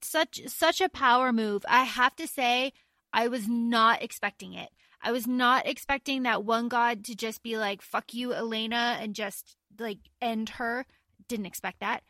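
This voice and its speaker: A woman's voice: on the high side, a little slow, bright, forceful tone, no room sound. A woman co-hosting a podcast, chatting enthusiastically about a book with casual swearing. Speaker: podcast co-host.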